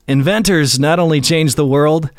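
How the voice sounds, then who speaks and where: A man's voice: a little high, normal speed, no room sound, clean studio sound. A man hosting a history show, telling the story in an emphatic, folksy way. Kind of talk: scripted history narration.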